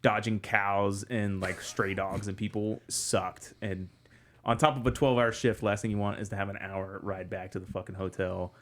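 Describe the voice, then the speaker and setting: A man's voice: on the low side, fairly even intonation, normal speed, fairly bright tone. A man co-hosting a podcast, telling a travel story casually, swearing freely and using a lot of filler words. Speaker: podcast co-host.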